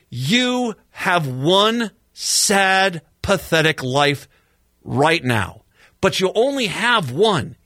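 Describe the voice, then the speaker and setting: A man's voice: fairly high pitch, pushed and bright, no room sound. A middle-aged male radio talk show host giving a sarcastic, exasperated political commentary monologue into a studio microphone.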